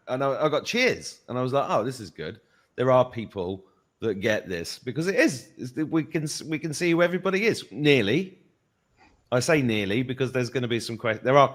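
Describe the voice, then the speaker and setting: A man in an interview telling a lively anecdote in a casual tone, swearing freely. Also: on the high side. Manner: animated anecdote-telling, swears, laughs through the story.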